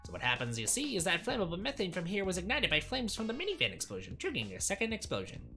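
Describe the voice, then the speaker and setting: A man voicing a nerdy know-it-all young detective who lectures eagerly in a high nerdy voice while reading a game aloud. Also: huge pitch swings, quick pace, pushed and bright, soft background music, exaggerated voice. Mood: lecturing.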